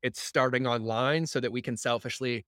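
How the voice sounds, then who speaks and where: Brief: male podcast host, average pitch, dry close sound, animated and emphatic, drops swear words. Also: normal speed, no echo. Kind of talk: casual chat.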